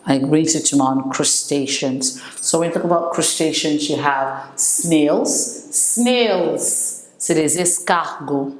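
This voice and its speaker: Woman, Senegalese French accent, English teacher, slow careful pronunciation drills, roomy echo. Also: low voice. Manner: switches between English and French, repeats words slowly for pronunciation. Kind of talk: classroom vocabulary lesson.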